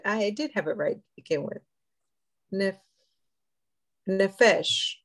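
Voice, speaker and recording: A woman student on a video call, reading aloud carefully and slowly. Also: medium pitch, animated, slight background noise.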